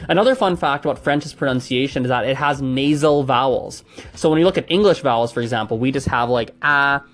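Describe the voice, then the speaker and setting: A man's voice: medium pitch, fast talker, soft background music. A man casually explaining pronunciation facts, chatty and hedging, trying out sounds aloud as he goes. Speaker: language enthusiast explaining pronunciation.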